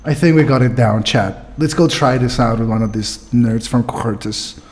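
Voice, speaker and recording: A man's voice: mid-range voice, normal speed, few pauses. A man streaming a game, chatting playfully and energetically with his viewers. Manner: playful, energetic, talks to chat. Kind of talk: game let's play with chat.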